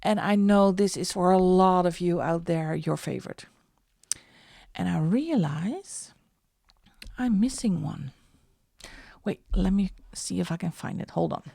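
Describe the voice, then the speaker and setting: A middle-aged woman talks through her coloring books in an easy, unhurried way, her lowish voice carrying some fry. The sound is close and dry, with no room echo. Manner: chatty, slow and unhurried, drops into soft asides. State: out of breath. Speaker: coloring channel host. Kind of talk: casual show-and-tell vlog.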